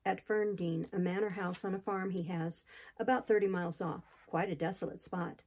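Woman voicing gossipy old male innkeeper, rambling, chatty, gravelly, mellow, classic novel audiobook. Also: on the low side, steady tone, normal speed, rough recording. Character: gossipy older male innkeeper, talkative and solemn.

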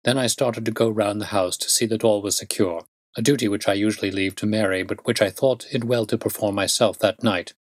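A man reading a classic detective story aloud in a measured, steady narration. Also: fairly low pitch, dry recording. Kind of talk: audiobook narration.

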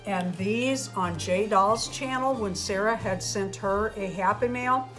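Woman doll-channel host, slow and gushing, unboxing chat; echoey room, faint music bed. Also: medium pitch, a bit bright. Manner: gushing, exclaims over each gift.

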